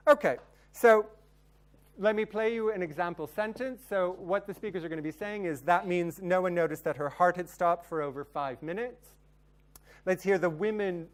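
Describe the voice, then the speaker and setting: A man giving a plenary academic lecture, explaining research results step by step with the occasional um. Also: fairly high pitch. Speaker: conference plenary speaker.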